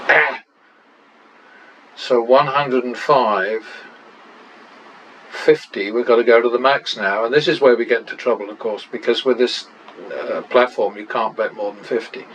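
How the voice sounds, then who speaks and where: A channel host works through practice casino bets slowly and deliberately, muttering running tallies and interjecting wry exclamations. His voice is medium-pitched and fairly bright, the recording low quality, with a faint hum behind him.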